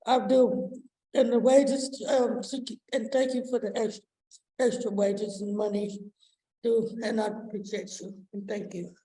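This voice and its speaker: Emotional female commenter, halting and shy, warm higher voice in an echoey hall. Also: fairly even intonation. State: tearful, emotional. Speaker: public commenter. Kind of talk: public comment at a meeting. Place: government meeting room.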